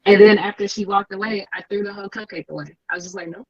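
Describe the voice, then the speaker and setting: A woman guest telling a story in an excitable, breathless run-on way during a casual chat. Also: mid-range voice, fast talker, no echo. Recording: dull lo-fi audio.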